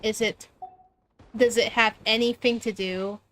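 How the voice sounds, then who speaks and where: A woman's voice: on the high side, fairly even intonation, a little slow, fairly bright tone. A woman streamer with a light soprano voice, chatting casually and giggling while she plays. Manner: chatty, giggly, lots of restarts. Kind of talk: casual livestream chat while gaming.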